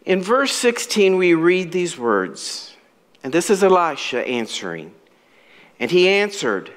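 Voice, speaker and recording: Slow, lively-voiced preaching pastor, a man. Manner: dramatic storytelling, acts out quoted characters; slow, deliberate preaching with wide swings in pitch and loudness. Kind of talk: sermon.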